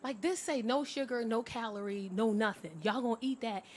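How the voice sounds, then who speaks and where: A woman performing stand-up comedy, telling brash stories with loud bursts on a comedy club stage. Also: on the high side, brisk.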